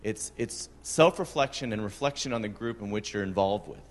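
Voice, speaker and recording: Lower-voiced man in a reverberant hall. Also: brisk. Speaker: conference attendee. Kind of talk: open-mic remarks. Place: large conference room.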